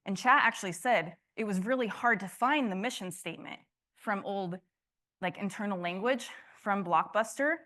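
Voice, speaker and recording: A woman's voice: medium pitch, moderate pace, bright, forceful tone. Passionate woman addressing a conference. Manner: passionate, talks to the audience with many restarts. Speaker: conference speaker. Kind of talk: conference talk. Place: conference room with audience.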